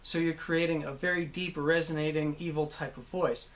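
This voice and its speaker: A man, a voice actor, casually recalling his work, rambling with many pauses and restarts. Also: on the high side, steady tone, a bit bright. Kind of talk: casual anecdotal talk.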